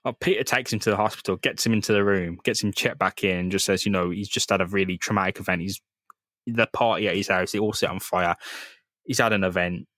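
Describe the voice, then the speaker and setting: Animated swearing podcast guy. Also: deep voice, fast talker, no echo, studio quality. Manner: animated, swears freely, acts out quotes. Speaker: podcast co-host. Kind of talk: casual comic-book recap chat.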